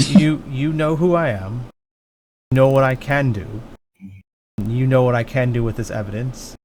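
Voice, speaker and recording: A man voicing a stern female investigator who talks in a firm, threatening, measured way. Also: mid-range voice, darkish tone, slight background noise, close to an everyday voice, low-quality recording.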